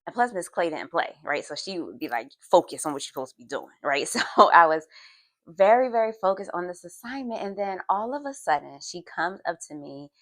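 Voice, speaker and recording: Female podcast host from Philadelphia, low voice, dry sound, animated storyteller turning earnest. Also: moderate pace, no room sound. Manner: earnest, reflective. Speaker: therapist and faith podcast host. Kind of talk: personal storytelling with faith reflection.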